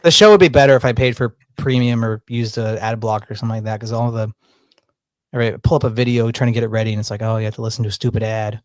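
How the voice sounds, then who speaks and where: A man's voice: mid-range voice, steady tone, fast, no echo. A man in his thirties hosting a podcast, chatting casually in a rambling, laid-back way. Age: 30s. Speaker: podcast host.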